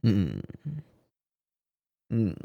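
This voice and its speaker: A laid-back man reacts in casual commentary, dropping short murmured interjections and wry asides. He talks at a very drawn-out, unhurried pace. His pitch swings up and down a lot, and the sound is dry and close. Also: big pitch swings, vocal fry, mellow, dry recording, dull audio. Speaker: anime reaction channel host.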